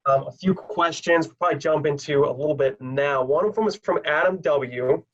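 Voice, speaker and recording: A man's voice: on the high side, a little fast, a bit bright, lo-fi sound. A man hosting an interview, reading fan questions and asking long, rambling questions. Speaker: team broadcaster and interviewer. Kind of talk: casual interview.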